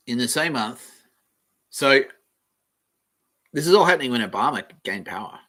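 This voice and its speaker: A man hosting a casual solo podcast, reading aloud from the web and thinking out loud in a rambling way, with the odd swear. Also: medium pitch, expressive, normal speed. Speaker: podcast host.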